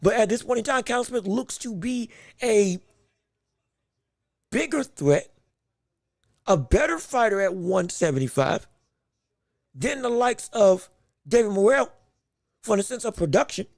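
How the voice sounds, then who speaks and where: A man hosts a boxing podcast, commenting live on a fight. His voice sits very high with a gravelly rasp, and it is recorded close and dry with no room sound. He rambles, stammers and keeps correcting himself mid-thought. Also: lively intonation, a little slow, pauses often, no echo. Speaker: podcast host.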